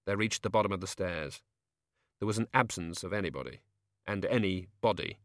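Expressive male audiobook narrator. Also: deep voice, fairly quick, no echo, studio quality. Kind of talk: scripted narration.

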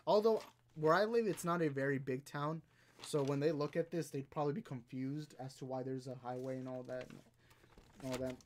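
A man hosting a live stream, chatting casually and rambling while reading chat and browsing, now and then bursting into excitement. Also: medium pitch, brisk, a little hiss or hum. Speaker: podcast host streaming live.

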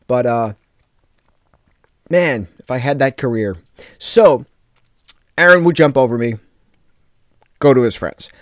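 Man, young adult, American, casual storytelling, chatty with fillers, mid pitch, dry recording. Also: dry recording. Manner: chatty, lots of fillers, quick jokey asides. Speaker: podcast host.

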